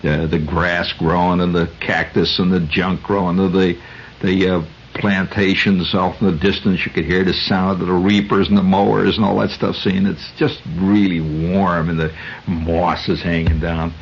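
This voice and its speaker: A man's voice: low-pitched, little pitch movement, moderate pace, dull audio, a little hiss or hum. An American man hosting a radio show, telling a rambling story in a conversational way with many fillers, on a 1970s radio recording. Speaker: radio host. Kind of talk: storytelling monologue.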